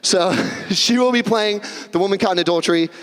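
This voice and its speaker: High-voiced young preacher in a reverberant hall. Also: male voice, a little fast, a bit bright. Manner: conversational, joking asides, acts out short quoted voices. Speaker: pastor. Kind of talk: sermon. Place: church sanctuary.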